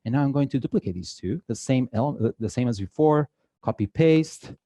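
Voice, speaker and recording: A man's voice: medium pitch, expressive, fairly quick, mellow, dry recording, clean studio sound. A man with a Mexican accent giving a live drawing workshop to an audience, chatty and joking with many filler uhs. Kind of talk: casual live demo talk to an audience. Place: event hall with an audience.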